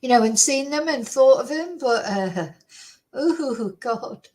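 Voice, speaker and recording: A woman with a fairly high voice talks loosely to her viewers from her computer. She rambles in a casual, chatty way, dropping tag questions at the ends of her sentences. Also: lively intonation, slow pace, darkish tone, rough recording. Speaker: true crime channel host. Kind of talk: casual solo commentary to viewers. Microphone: computer microphone at a desk.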